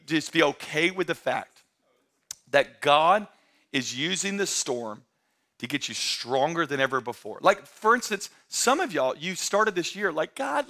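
A pastor with a high voice preaches a sermon, speaking directly to his congregation in a conversational manner. He often builds to emphatic, shouted excitement.

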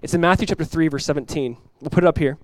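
Animated preaching man with a dry sound. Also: fairly high pitch, very fast, no room sound. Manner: animated preaching, acts out quoted voices, laughs. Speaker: pastor. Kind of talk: sermon. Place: church.

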